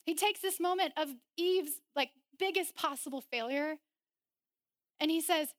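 A young woman preaching a sermon, animated and laughing often as she acts out voices in quotes. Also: high voice, measured pace, no echo, clean studio sound.

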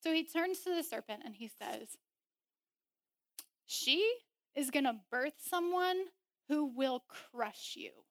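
A young woman preaching a sermon, animated and laughing often as she acts out voices in quotes. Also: sits high, no room sound, studio quality.

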